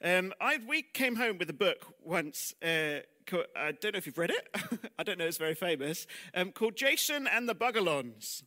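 A man with a high-pitched, bright, pushed voice whose pitch swings widely delivers a church sermon at a moderate pace. He speaks conversationally, posing rhetorical questions and making self-deprecating asides, and his voice sinks almost to a whisper on the weightiest lines.

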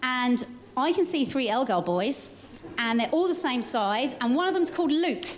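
A woman telling a Bible story during a church service, lively as she directs child volunteers. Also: sits high, normal speed, very noisy.

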